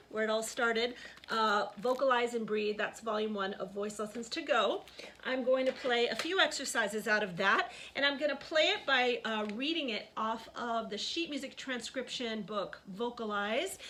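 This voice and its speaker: A woman voice teacher leading a singing lesson, explaining and then singing warm-up syllables. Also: a little high, a little hiss or hum. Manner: talks, then sings vocal warm-up syllables over piano. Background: piano.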